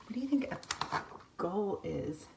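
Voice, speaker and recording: A woman reading a picture book aloud to a child at home, gentle, stopping to ask questions. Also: medium pitch, sing-song, unhurried, vocal fry. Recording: faint noise, mic at a distance.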